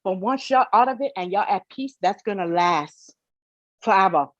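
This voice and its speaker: A woman's voice: medium pitch, moderate pace, no room sound, lo-fi sound. A woman guest telling her own story with emotion, tearful and pleading, repeating herself for emphasis. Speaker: interview guest.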